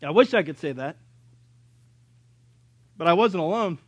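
A male pastor telling a story in a sermon, acting out the dialogue and sometimes bursting into loud, exasperated rants. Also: a little high, lively intonation, measured pace, husky, no echo.

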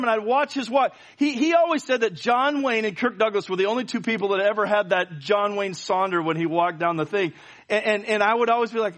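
A man's voice: sits high, fairly bright tone. A middle-aged man, preaching a sermon in church and leading a prayer, often repeating words as he speaks. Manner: storytelling with frequent stammered word repeats. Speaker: pastor. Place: church service.

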